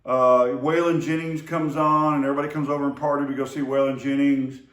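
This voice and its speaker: A man's voice: mid-range voice, level tone, a little fast, fairly bright tone. Rambling man in a roomy echo. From Oklahoma to Texas area. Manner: rambling, with many fillers and restarts. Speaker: storyteller remembering his brother. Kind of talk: casual spoken memories. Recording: roomy echo, voice far from the mic.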